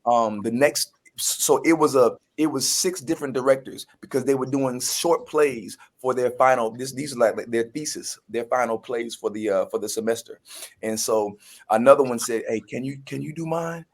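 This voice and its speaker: A man tells a story at an easy, mid-pitched level. He jumps into the voices of the people he quotes and stumbles over restarts as he goes. The talk is a loose, chatty interview. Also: fairly even intonation, normal speed. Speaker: guest actor.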